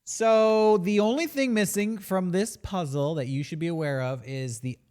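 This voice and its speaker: A man's voice: high-pitched, moderate pace. A man co-hosting a casual movie podcast, recapping scenes and acting out lines with big inflection. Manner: animated, acts out movie lines. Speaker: podcast co-host.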